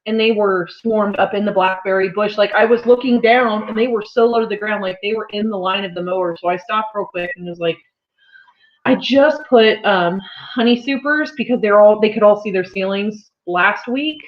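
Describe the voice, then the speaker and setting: A woman's voice: mid-range voice, moderate pace. A woman hosting a casual farm livestream from home, chatty and rambling, laughing often. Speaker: farm channel host. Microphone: laptop mic. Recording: slightly dull lo-fi livestream audio.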